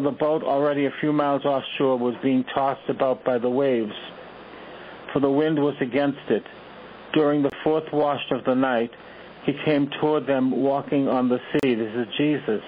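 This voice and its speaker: Priest preaching over tinny radio. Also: male voice, mid-range voice, a little hiss or hum. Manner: repetitive exhortations, rhetorical questions. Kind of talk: sermon.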